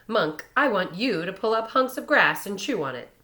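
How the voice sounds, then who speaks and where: A woman voicing a young boy who gleefully taunts his friends in a loud, sing-song, mocking way. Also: mid-range voice, very animated, moderate pace, pitched above the performer's own voice. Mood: gleeful taunting.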